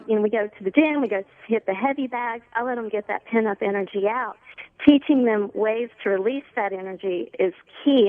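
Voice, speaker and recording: A woman counselor calling in to a radio show, calmly explaining how to handle anger. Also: mid-range voice, no echo. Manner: calm, explanatory. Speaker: anger management counselor, guest. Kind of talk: advice on a radio call. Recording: tinny phone line.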